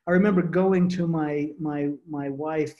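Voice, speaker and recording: A man telling a personal story to a support group, earnest and halting, often restarting his words over a video call. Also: a little high, fairly even intonation, darkish tone, lo-fi sound. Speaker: guest speaker.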